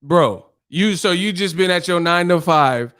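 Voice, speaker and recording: A man hosts a casual boxing livestream, talking straight to his chat in a slightly higher voice. He jokes, swears freely and breaks into laughter, mimicking voices to make his point. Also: expressive, normal speed, fairly bright tone, clean tone. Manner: profane, joking, laughs often, mimics voices. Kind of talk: casual livestream chat reading viewer comments.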